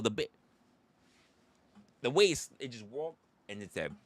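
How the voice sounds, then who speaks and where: A man's voice: medium pitch, sing-song, a little slow, long pauses, sharp tone, no echo. A man hosting a livestream, ranting comically and profanely. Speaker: livestream host. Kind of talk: comedic rant.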